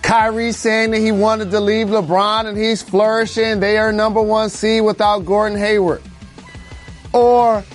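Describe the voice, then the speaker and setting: Dry, blunt high-voiced man on a podcast. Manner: dry, blunt, matter-of-fact. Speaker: podcast co-host, former basketball player. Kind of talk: bantering sports talk. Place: remote studio.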